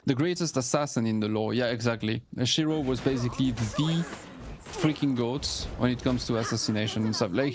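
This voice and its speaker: A man chatting casually while playing an online game, enthusiastic and full of fillers and restarts. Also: medium pitch. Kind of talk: casual gaming chat.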